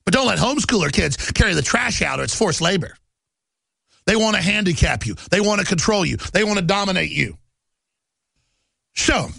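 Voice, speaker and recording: A man with a raised, gravelly voice rants through a talk show monologue. He speaks fast and emphatically and sounds agitated throughout. The sound is close and dry, with no room echo. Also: high-pitched, bright, forceful tone. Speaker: radio and TV talk show host.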